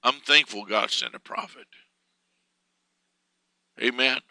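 A man preaching a sermon fervently, swelling louder and slower on key words. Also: medium pitch, dry recording, low-quality recording.

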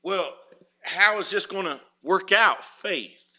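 Bright-voiced preacher, fired up. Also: male voice, high-pitched, slow. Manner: preaching with rising fervor, folksy grammar. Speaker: pastor. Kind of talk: sermon.

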